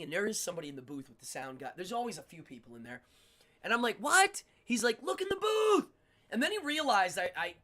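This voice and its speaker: A middle-aged man hosting a livestream, telling stories in a casual, animated way with frequent laughter. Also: fairly high pitch. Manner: animated, laughs often, acts out quotes. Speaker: livestream host. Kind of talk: casual storytelling chat.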